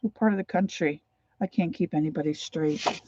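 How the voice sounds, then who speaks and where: Woman crafting live at home, low husky voice, kinda gravelly, rambly chat w whispery bits. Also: moderate pace, dry recording, highs cut off. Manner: chatty and rambling, drops into soft whispered asides. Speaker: crafter livestreaming a craft session. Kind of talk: casual craft livestream chat.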